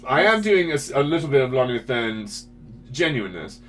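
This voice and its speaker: A man, a parent, talking casually as host of his own commentary stream, animated and often restarting his sentences. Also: medium pitch, a little fast, faint music behind. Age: adult parent. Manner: animated, self-interrupting, frequent restarts.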